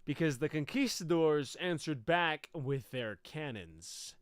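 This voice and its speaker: A man rehearsing a comic solo show, telling his story in a profane, animated way. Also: on the high side, slow pace, few pauses, clear, resonant tone. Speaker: performer rehearsing a monologue.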